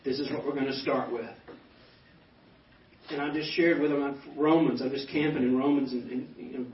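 A man in his fifties, a pastor giving a personal testimony, animated and acting out quoted dialogue as he tells stories. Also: medium pitch, a little fast, a little hiss or hum. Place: banquet hall. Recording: echoey hall, distant dull mic.

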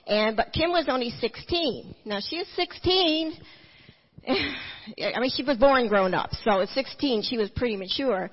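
A woman's voice: a little high, expressive, unhurried, husky. A woman giving a personal testimony in church, telling her story with humor and acting out the dialogue. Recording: dull, echoey church hall recording.

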